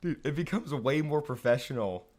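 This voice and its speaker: A man's voice: mid-range voice, animated, moderate pace, darkish tone. A young man co-hosting a podcast, laid-back and tired in the morning, telling a story with frequent laughs. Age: young adult. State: tired, just woke up. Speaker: podcast co-host. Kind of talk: casual chat.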